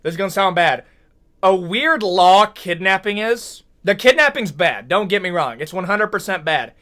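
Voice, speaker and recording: A young American man with a voice that sits high talks at a normal speed. As a video commentator, he rants and jokes in an animated, casual way, full of slang like "brother, what?" and mock outrage.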